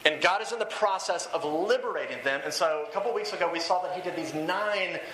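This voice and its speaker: Guy preaching casually, lots of ums, kinda bright voice, echoey hall w/ light hiss. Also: high-pitched, a little fast. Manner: conversational, with fillers and repeated phrases. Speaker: pastor. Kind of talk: sermon. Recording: echoey room with faint hiss.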